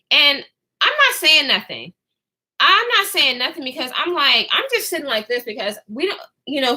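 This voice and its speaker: Lively high-voiced woman telling a story. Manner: animated, profane, acts out quotes in others' voices. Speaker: vlogger. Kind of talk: casual storytime.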